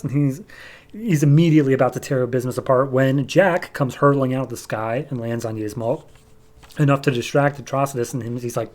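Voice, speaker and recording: A man of middling pitch, chatting his way through a comic book recap in a loose, filler-heavy way. He moves fast from one beat to the next as a podcast host. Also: steady tone, a little mellow.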